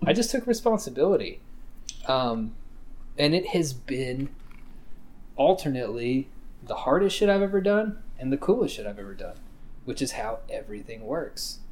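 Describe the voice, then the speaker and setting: Lively, rambling profane dad. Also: male voice, medium pitch, normal speed. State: minding a toddler while talking. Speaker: podcast co-host. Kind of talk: casual podcast chat.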